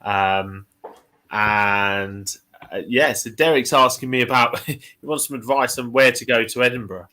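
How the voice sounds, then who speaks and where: A man hosting a casual live stream, chatty and relaxed with many fillers and restarts. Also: mid-range voice, measured pace. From United Kingdom. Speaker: host.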